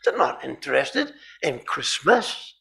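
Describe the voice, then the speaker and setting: A man preaching a sermon in a chapel, telling stories animatedly and often repeating words and clearing his throat. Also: mid-range voice, very animated, slow, pushed and bright.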